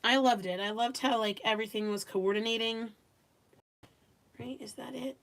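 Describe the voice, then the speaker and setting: A woman's voice: fairly high pitch, fairly even intonation, normal speed, a bit bright. Chatty woman hosting a craft livestream. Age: adult with young children. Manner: chatty, reads viewer comments aloud, talks to viewers directly. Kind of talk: casual chat while crafting live.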